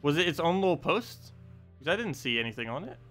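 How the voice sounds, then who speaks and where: Lively, chatty young man streaming. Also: a little high, fast talker, soft background music. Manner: chatty and self-deprecating, laughs often. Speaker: game streamer. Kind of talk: casual live-stream commentary.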